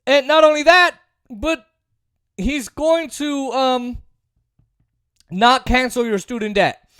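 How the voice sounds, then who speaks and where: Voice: sits high, slow pace, a bit bright, smooth, dry recording, clean studio sound. A political commentary host giving a sarcastic, opinionated monologue, repeating points for emphasis. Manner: sarcastic, mocks opponents in put-on voices.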